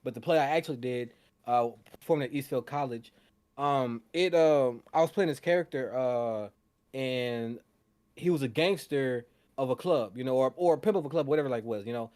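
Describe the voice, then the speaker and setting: A man's voice: medium pitch, moderate pace, a little mellow. A young man co-hosting a podcast, chatting casually about a film and acting out scenes in raised voices. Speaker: podcast co-host. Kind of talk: casual chat.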